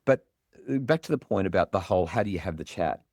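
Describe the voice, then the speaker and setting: A middle-aged Australian man, a parenting expert, telling a story in earnest, animated podcast conversation. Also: low-pitched, fast talker, no room sound, studio quality.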